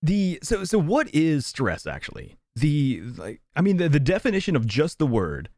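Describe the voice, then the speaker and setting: Man, podcast co-host, casual chat, animated sing-song pitch, dry close sound, lots of restarts. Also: moderate pace, dry recording. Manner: thinking aloud with many restarts and fillers.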